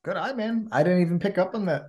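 A man with a New Jersey accent, co-hosting a casual podcast chat in an animated, chatty way with frequent restarts. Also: sits high, quick pace. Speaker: co-host.

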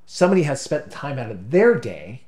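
A man's voice: mid-range voice, big pitch swings, darkish tone. Choked-up man telling a story. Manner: emotional storytelling, choked up, halting restarts. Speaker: podcast co-host. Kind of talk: casual conversation.

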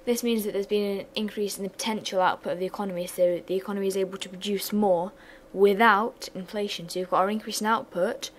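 A woman's voice: medium pitch, steady tone, fast talker, few pauses, a little hiss or hum, low-quality recording. A young woman giving an economics revision lesson, explaining steadily with chatty, self-deprecating asides. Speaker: revision tutor.

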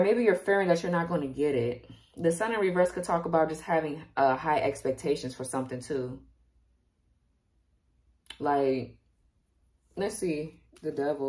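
Low-voiced woman giving a casual tarot reading. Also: darkish tone. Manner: chatty, emotional, talks straight to viewers. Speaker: tarot reader.

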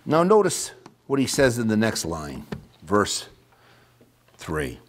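A man preaching a sermon, reading scripture aloud and swinging between loud emphatic declaration and hushed, near-whispered asides. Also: lowish voice, wildly swooping pitch, measured pace, slight background noise.

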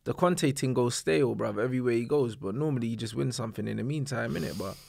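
A man's voice: mid-range voice, quick pace, gravelly, a little mellow, dry recording, clean studio sound. A man co-hosting a casual banter podcast, chatting in a laid-back way. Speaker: podcast co-host.

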